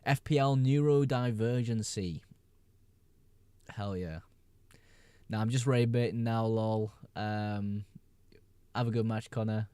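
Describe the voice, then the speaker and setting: A man hosting a casual fantasy football live stream, reading viewer questions aloud, answering them quickly and laughing often. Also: lowish voice, steady tone, dark tone, clear, resonant tone, no echo.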